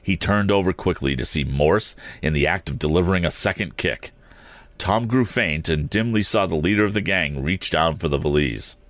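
A man reads an adventure story aloud in a very low voice. He keeps a steady pace and corrects small slips as he goes. The sound is dry and close to the mic. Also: normal speed, dry recording. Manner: steady reading with occasional slips and restarts. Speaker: audiobook reader. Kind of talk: storybook narration.

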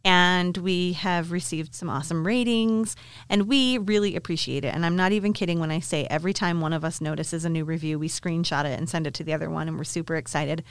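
A woman with a slight New York accent co-hosts a casual podcast, chatty and enthusiastic. Her voice sits on the low side. The sound is dry and close, with no room echo. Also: brisk, smooth. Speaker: podcast co-host.

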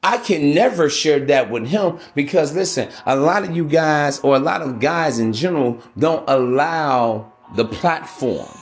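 A man's voice: on the high side, expressive, unhurried, few pauses, faint music behind. A man hosting a podcast, giving relationship advice in a casual, profane, preachy monologue that keeps calling his listeners bro. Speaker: podcast host.

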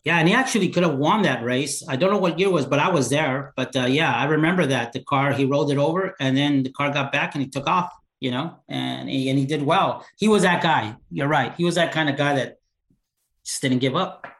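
A man with a slightly high voice tells stories in a loose, animated way and slips into voices for the people he quotes. The sound is roomy, with a clear echo around him. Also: fairly quick. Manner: animated, acts out quoted dialogue. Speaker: podcast guest. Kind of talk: casual storytelling.

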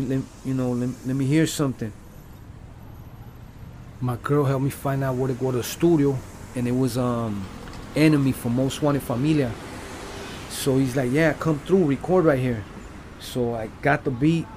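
A man's voice: mid-range voice, darkish tone, slight background noise. A man, a rapper, telling a personal story in a loose, rambling, casual way with lots of fillers and swearing.

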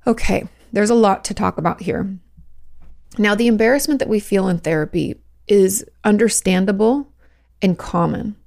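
A woman therapist hosts a podcast, offering casual advice in a frank, conversational way packed with "like" fillers. Her voice is medium-pitched, creaky, and darkish in tone.

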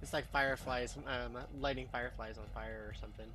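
A man's voice: mid-range voice, fairly even intonation, fairly quick. A man narrating as game master of a tabletop game in a rambling way, full of fillers and restarts.

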